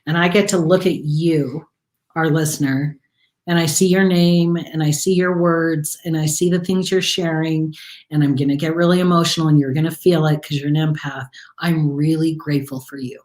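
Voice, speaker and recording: Effusive low-voiced woman, echoey room. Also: fairly even intonation, moderate pace, darkish tone. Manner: effusive and emotional, speaking straight to viewers. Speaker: co-host of a live mindset show. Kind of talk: heartfelt live-stream chat.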